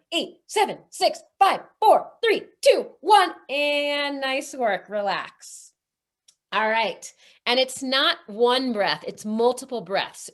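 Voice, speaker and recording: A woman's voice: medium pitch, a bit bright. Woman coaching breathwork, counting aloud. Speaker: breathwork instructor. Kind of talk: guided breathwork webinar. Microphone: video call.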